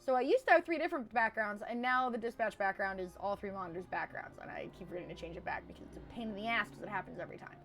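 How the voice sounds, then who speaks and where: A young woman with a high-pitched, squeaky voice, chatting casually and rambling on a live stream, swinging between loud and hushed. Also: rapid-fire, hardly any pauses, noisy background. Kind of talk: casual chat.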